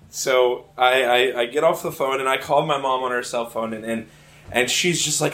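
A man's voice: medium pitch, moderate pace, a bit bright, reverberant. A young man from Virginia doing stand-up, telling a story in a rambling way with many restarts and laughing at his own jokes. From Richmond, Virginia. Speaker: stand-up comedian. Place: live comedy venue.

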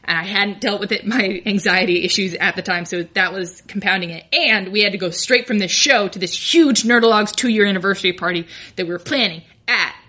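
A woman's voice: medium pitch, brisk, hardly any pauses, pushed and bright. A young adult woman telling a candid, self-deprecating personal story, often laughing through her lines.

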